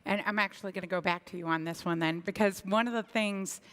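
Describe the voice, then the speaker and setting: A woman moderating a conference panel, conversational and lively as she leads the questions. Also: medium pitch, quick pace. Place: conference stage. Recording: long hall reverb.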